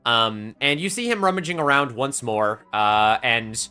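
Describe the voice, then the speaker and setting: Man, game master, rambling narration with fillers, bright expressive voice, faint background music. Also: medium pitch, unhurried, clean tone.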